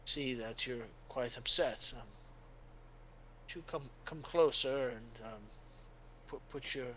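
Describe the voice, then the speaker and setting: A man's voice: medium pitch, a bit bright, a little hiss or hum, low-quality recording. A man voicing a tired old dwarf priest. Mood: gentle. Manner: halting, hesitant, searching for names.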